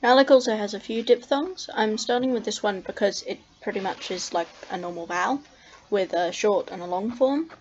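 At a normal pace, a young woman with an Australian accent and a medium, slightly mellow voice teaches letter sounds on camera. She carefully models each sound, saying "um" often, in a slightly muffled lo-fi recording with a little background noise.

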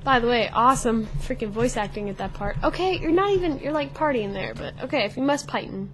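Excitable teenage girl playing a game. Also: a little high, fairly quick. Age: teens. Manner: chatty, excitable, talks to herself and the game character. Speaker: gaming channel host. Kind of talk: let's play commentary.

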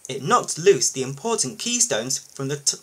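Lively man reading a children's storybook. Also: medium pitch, moderate pace, slightly rough, low-quality recording. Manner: lively, expressive read-aloud. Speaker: YouTube storybook reader.

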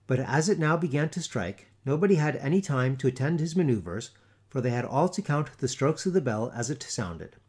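A man reading a classic tale aloud in a theatrical, expressive storytelling manner. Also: medium pitch, moderate pace, breathy edge. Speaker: audiobook narrator. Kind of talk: scripted story narration.

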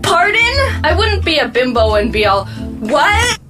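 Young woman, scripted comedic narration, self-mocking deadpan jokes, highish voice, background music. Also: brisk. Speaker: animated storytelling video narrator.

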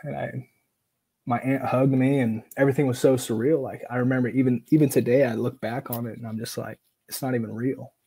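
A man with a husky, slightly breathy voice recounts a painful memory as a podcast guest. His pitch stays flat and even while he talks casually, leaning on fillers and acting out what others said. He comes across as earnest and openly emotional. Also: brisk, rough recording. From Oregon, USA. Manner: casual, filler-heavy, acts out quoted dialogue. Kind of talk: personal storytelling in conversation.

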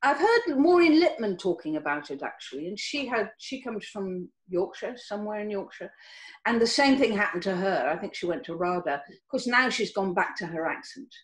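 An older actress from Cornwall, talking casually on a video call and telling stories with many restarts. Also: female voice, moderate pace, rough recording. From Cornwall, England. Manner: warm storytelling with lively pitch, many restarts. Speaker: actress guest.

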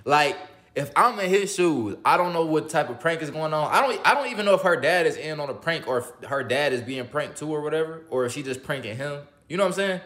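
A man's voice: on the high side, animated, a little fast, a bit bright. A man hosting a reaction video, giving blunt, profane, casual commentary and often asking "you feel me".

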